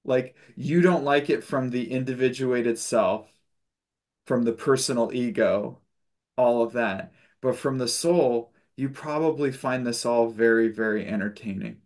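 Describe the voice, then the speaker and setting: A man's voice: medium pitch, a little slow, darkish tone. Man telling stories on a video call. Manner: loose storytelling with frequent fillers and self-corrections; chuckles while telling stories. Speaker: spiritual group facilitator. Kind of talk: casual spiritual sharing on a video call.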